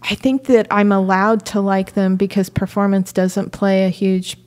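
A woman in a faith-based conversation, telling stories in an animated way and laughing as she talks. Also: mid-range voice, normal speed.

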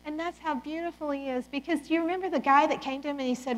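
A woman in her forties giving a lively, conversational Christian talk to parents, often quoting scripture as if speaking the words herself. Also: high-pitched, fast. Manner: animated, conversational, quotes scripture in character. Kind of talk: talk to a church audience.

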